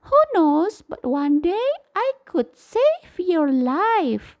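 A woman voicing a tiny frightened male mouse in a bedtime story, high and squeaky. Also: very animated, drawn-out words, a little mellow, heavily acted. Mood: pleading.

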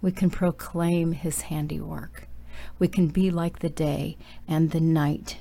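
A woman's voice: low-pitched, steady tone, takes it slowly, gravelly, warm tone. A woman preaching a sermon and leading a prayer, exhorting her listeners and dropping at times into urgent whispers.

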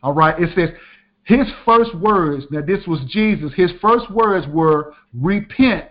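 High-voiced male preacher, emphatic sermon delivery, slightly muffled lo-fi recording. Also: expressive, takes it slowly. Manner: emphatic, repeats key lines for the listeners. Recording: dull lo-fi sound.

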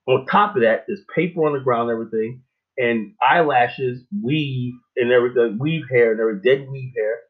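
A middle-aged man hosting a show, rambling in a casual monologue with lots of fillers and animated stories. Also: mid-range voice. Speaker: show host. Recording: tinny phone-like line.

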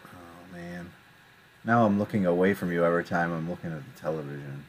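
A man co-hosting a casual online show, easygoing and quick to laugh. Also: deep voice, a little hiss or hum. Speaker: podcast co-host. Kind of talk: casual chat.

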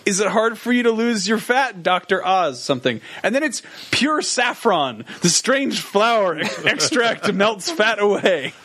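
A man's voice: high voice, sing-song, unhurried, hardly any pauses, bright, forceful tone. A man co-hosting a casual comedy podcast, trading wry jokes. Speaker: podcast co-host.

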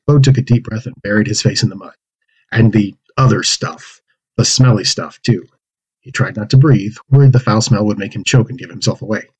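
A man reading a children's story aloud with expressive delivery, acting out character lines and pig oinks. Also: on the low side, husky, rough recording. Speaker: narrator reading a manuscript aloud.

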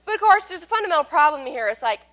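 A woman telling a personal story as a monologue, wry and candid, swinging between loud bursts and hushed asides. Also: high voice, sing-song, very fast.

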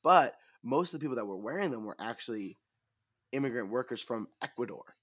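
A man's voice: medium pitch, lively intonation, fairly quick, fairly bright tone, slightly rough, no room sound, studio quality. A man from Panama hosting a film podcast, reading a scripted history of a film and then chatting loosely with his co-hosts. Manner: informative, stumbles and repeats words when talking off the cuff. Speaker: podcast host. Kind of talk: scripted film-history narration and casual chat.

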